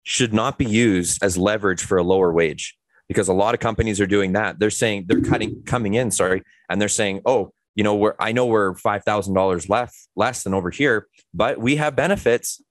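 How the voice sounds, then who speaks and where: A man's voice: fairly low pitch, fairly quick, no echo. A man co-hosting a casual podcast, making his points emphatically. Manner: opinionated, emphatic.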